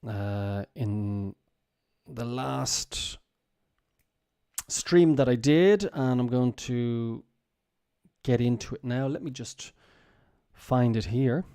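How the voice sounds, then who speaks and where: A man hosts a relaxed livestream English lesson in a mellow, warm voice at a middle pitch. He talks loosely with plenty of fillers and patiently repeats example words for his learners. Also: very slow, pauses often, smooth. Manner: loose and chatty, many fillers. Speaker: English teacher and stream host.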